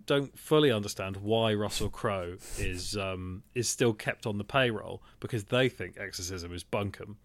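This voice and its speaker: A man co-hosting a podcast and chatting about a film in a rambling, animated way, swearing and laughing often. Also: fairly low pitch, normal speed, hardly any pauses, no room sound. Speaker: podcast co-host. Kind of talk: casual film chat.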